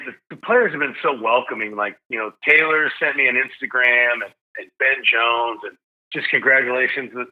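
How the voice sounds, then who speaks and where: A man, a stadium announcer guest on a podcast, telling stories in an excitable, joking way. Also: medium pitch, phone-quality sound. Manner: excitable, jokey storyteller. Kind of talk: casual podcast storytelling.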